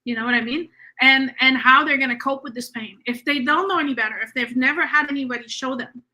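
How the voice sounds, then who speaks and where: A woman's voice: high-pitched, fast talker, bright, forceful tone. A woman hosting a spiritual podcast, talking in an earnest, reassuring way with frequent fillers. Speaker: podcast host. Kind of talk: casual spiritual conversation.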